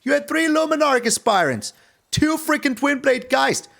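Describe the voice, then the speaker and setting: A young man giving casual gameplay commentary, playful and taunting, swinging between excited high bursts and low mutters. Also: moderate pace, vocal fry. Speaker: game streamer.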